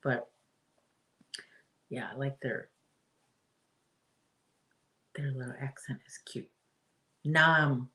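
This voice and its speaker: A woman's voice: a bass voice, level tone, slow, long pauses. A middle-aged woman hosting a casual live-stream chat from home, rambling and reading out viewer comments. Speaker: host.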